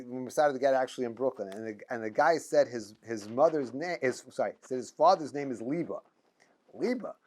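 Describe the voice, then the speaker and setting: A middle-aged man giving an informal class as a rabbi, telling stories with frequent restarts and chuckles. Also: medium pitch. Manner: animated storyteller, many restarts and chuckles. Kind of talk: informal lecture with anecdotes.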